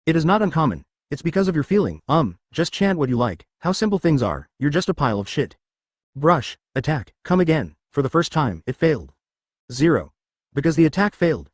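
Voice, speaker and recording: A man narrates a web novel at a fast, rambling clip. His pitch moves about a lot, and the close, dry sound has almost no room in it. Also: no room sound. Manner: rapid, rambling reading.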